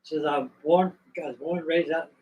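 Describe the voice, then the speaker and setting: A man's voice: fairly high pitch, fairly even intonation, normal speed, recorded from a distance, highs cut off. Older man rambling through a story. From Virginia, USA. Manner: rambling, folksy yarn-spinning with restarts. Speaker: host. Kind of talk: casual storytelling on a live stream.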